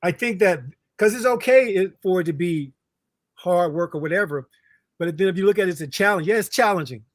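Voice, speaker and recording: A man's voice: sits high, brisk, no room sound, studio quality. A man, a relationship coach appearing as a guest, talking in an earnest, emphatic way and often repeating words. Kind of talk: casual chat.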